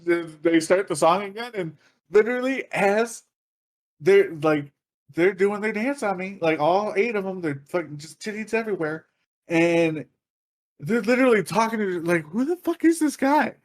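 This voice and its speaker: Man, fairly high voice, casual podcast storyteller, swears a lot, laughs often. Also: moderate pace. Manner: profane, laughing, animated anecdote telling. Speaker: podcast co-host.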